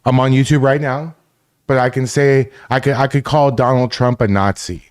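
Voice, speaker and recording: Profane laughing livestream host. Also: male voice, medium pitch, fairly even intonation, normal speed, clear, resonant tone. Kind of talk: casual livestream chat.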